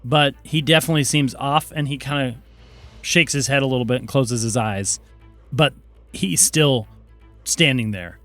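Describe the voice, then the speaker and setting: A man's voice: medium pitch, fairly bright tone, soft background music. A man acting as game master, narrating the scene and calling for dice rolls. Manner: brisk, playful narration.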